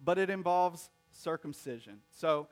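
A man's voice: a little high, lively intonation, a little slow, soft background music. A male pastor telling a funny family story in a sermon, acting out the voices of his family.

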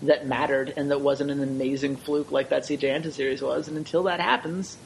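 A man co-hosting an esports podcast, chatting casually with quick, wry jokes. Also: medium pitch, steady tone, creaky, slight background noise, poor audio.

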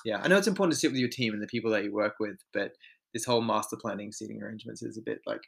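A man's voice: on the low side, racing, vocal fry, a bit bright, breathy edge. A man, co-hosting a podcast and telling work stories in casual chat, candid and swearing freely. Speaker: podcast co-host.

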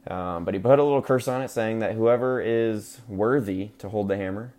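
A man's voice: lowish voice, normal speed, few pauses, a little mellow, a little hiss or hum. A man hosting a podcast, recapping a movie in a casual, crude, joking way full of fillers. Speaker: podcast host.

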